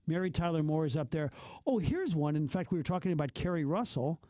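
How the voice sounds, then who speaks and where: A man's voice: on the high side, lively intonation, quick pace, mellow, no room sound, studio quality. A man co-hosting a radio talk show, chatting casually in a playful, teasing way. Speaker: radio co-host. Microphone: studio microphone.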